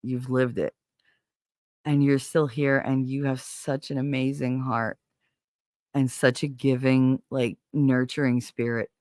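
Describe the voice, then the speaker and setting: A man's voice: medium pitch, measured pace, no room sound, studio quality. A man hosting a casual live stream, talking bluntly and animatedly with plenty of swearing. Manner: blunt, profane, animated storyteller. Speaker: livestream host. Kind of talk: casual chat to a live audience.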